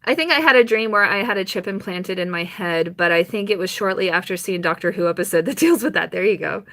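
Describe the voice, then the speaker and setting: A young woman chatting on a live stream, telling a rambling personal story with quick laughs and mock quotes. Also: mid-range voice, fairly bright tone.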